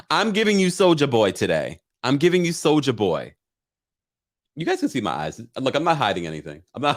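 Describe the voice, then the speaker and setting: Chatty male livestream host, animated delivery, voice sits a bit high, reads viewer comments aloud. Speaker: live-stream recap host. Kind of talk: casual livestream chat.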